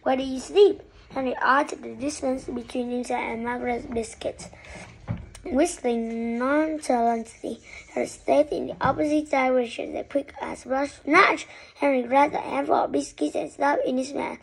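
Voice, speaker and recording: A woman's voice: high-pitched, steady tone, normal speed, vocal fry, a little hiss or hum, poor audio. A woman reading a children's story aloud, narrating expressively.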